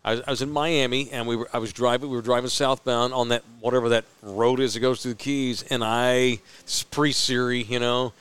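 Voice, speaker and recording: A man co-hosting a podcast in casual chat, animated and laughing often as he tells stories. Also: mid-range voice, fairly quick, hardly any pauses, clean tone. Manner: animated, laughs often, acts out other people. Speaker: podcast co-host.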